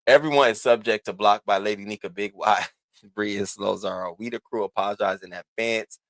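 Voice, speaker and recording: A man's voice: fairly low pitch, fairly even intonation, a little fast, fairly bright tone, no room sound. A man hosting a live stream, giving sassy, profane commentary and calling out viewers in the chat by name. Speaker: livestream host.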